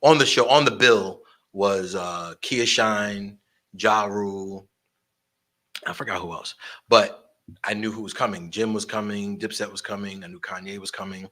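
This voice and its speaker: A man telling animated stories about promoting shows, swearing freely and acting out the voices of the people in them. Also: fairly low pitch, a little slow. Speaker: guest storyteller, concert promoter and barber. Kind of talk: casual storytelling interview.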